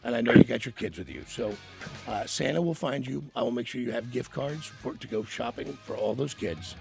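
A man hosting a radio call-in, calmly reassuring a caller and talking through what will be paid for. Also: mid-range voice, brisk, gravelly, over music. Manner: reassuring, steady. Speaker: radio host. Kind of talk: on-air call with listeners.

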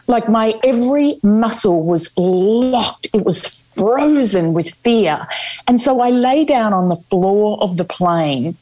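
A middle-aged woman, a memoir author, telling her story candidly in an interview, slowing down for emphasis. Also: medium pitch, rough recording. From Australia. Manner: candid, expressive, slows for emphasis.

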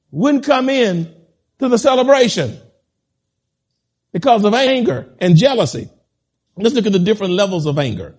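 A male preacher in full sermon, his voice sitting high and leaping wildly in pitch as he builds to impassioned peaks. He drags out scripture with heavy stress, then turns to the congregation and talks to them directly. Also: big pitch swings, normal speed, breathy edge.

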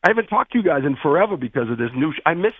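A man's voice: a little high, big pitch swings, husky, no echo. Man, boston accent, phone call, dull lo-fi sound, dry, joking banter. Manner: joking, drawn-out and effusive. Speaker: correspondent calling in. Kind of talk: casual radio banter. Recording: muffled phone line.

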